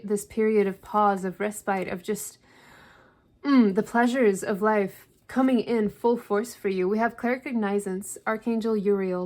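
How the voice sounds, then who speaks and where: Chatty woman giving a tarot reading. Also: medium pitch. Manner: chatty, reassuring, with filler "like". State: slightly out of breath. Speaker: tarot reader. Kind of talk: casual spiritual tarot reading.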